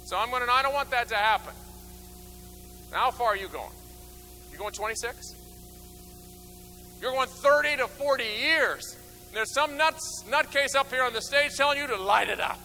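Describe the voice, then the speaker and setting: A man giving an energetic motivational talk from a stage, acting out little scenes and swinging from loud bursts to low mutters. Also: moderate pace, long pauses, soft background music, rough recording. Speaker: motivational speaker. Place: stage before an audience.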